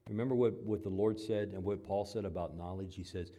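A low, steady-toned pastor preaches briskly, moving from loud emphasis to quiet conversational asides. Along the way he acts out the voices he quotes.

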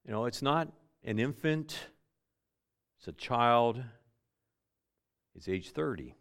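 Man preaching with loud-soft swings. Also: animated, takes it slowly, clear, resonant tone. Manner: swings from loud emphatic bursts to quiet low asides; folksy, with homespun illustrations and filler restarts. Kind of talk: sermon.

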